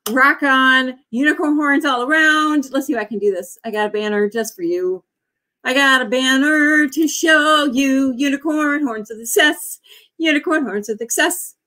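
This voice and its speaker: A woman's voice: high voice, moderate pace, sharp tone. A woman in her forties, an author hosting a writing sprint livestream in a casual, bubbly way, often cheering her viewers on with whoops. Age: 40s.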